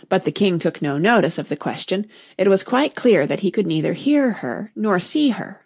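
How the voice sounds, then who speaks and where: A woman reads a storybook aloud with animated, expressive narration. Her voice is gravelly and husky with wide swings in pitch. The recording is dry and close. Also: dry recording. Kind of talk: storybook reading.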